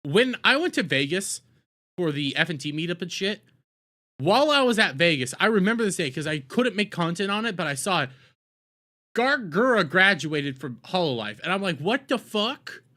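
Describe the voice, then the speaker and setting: A man talking casually as a streamer reacting to a video, excitable and profane, rambling and joking with his chat. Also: high-pitched, moderate pace.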